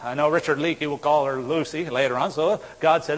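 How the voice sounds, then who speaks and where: A man preaching a sermon, swinging from loud exhortation to low, intense tones. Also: a little fast, hardly any pauses. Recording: long hall reverb.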